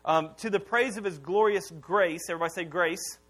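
A man in his thirties preaches to his congregation with a strikingly high, bright voice. He talks casually and keeps it lively, calling on the room to repeat lines back to him. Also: fairly quick, slightly rough. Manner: animated, conversational preaching with audience call-and-response. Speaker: pastor. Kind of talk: sermon. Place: church auditorium before a congregation.

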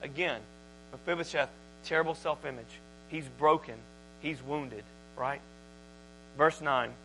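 A man preaching to his church, his voice bright and a touch higher than most men's. He talks conversationally, then swells loud and emphatic when reading scripture, with a faint mains hum under the recording. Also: a little slow, rough recording. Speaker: pastor. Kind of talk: sermon.

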